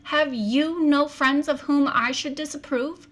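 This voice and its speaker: A cool, defiant young wife, voiced by a woman reading a novel aloud. Her replies are clipped and icy. She stays controlled, with a slightly raised pitch. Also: fairly even intonation, measured pace. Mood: cold defiance.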